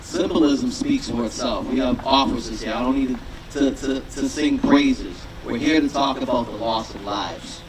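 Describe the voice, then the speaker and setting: A man's voice: mid-range voice, moderate pace, hardly any pauses. A man giving a rousing rally speech outdoors, repeating lines and leading the crowd in a chant. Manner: rousing, repetitive, leads a call-and-response chant. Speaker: rally speaker, city councilor. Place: outdoor sports field rally. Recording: distant mic with crowd noise.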